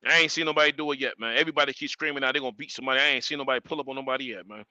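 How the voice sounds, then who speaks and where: A man's voice: mid-range voice, very fast, no echo, muffled recording. A man hosting a live stream, ranting emphatically and repeating his points. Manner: animated, emphatic, repeats himself. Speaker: livestream host.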